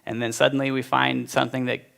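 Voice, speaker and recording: He talks fast in a level, medium-pitched voice that's creaky and a bit bright. In his forties, the man is giving a heartfelt, conversational testimony to his church community, leaning on many fillers.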